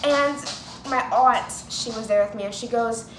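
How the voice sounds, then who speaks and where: A woman's voice: on the high side, moderate pace. A young woman vlogger telling personal stories in a casual, chatty way, full of "like", and acting out what people said. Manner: chatty, lots of "like", acts out quoted voices. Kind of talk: casual storytelling to camera. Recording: echoey room with clear ambient noise.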